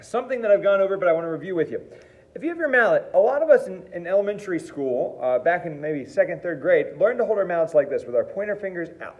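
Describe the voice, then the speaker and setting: Man, music teacher, lively swooping voice, slightly high, playful, kid-friendly lesson. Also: quick pace, phone-quality sound. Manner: upbeat, playful, counting students through exercises. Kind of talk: friendly instructional lesson for kids.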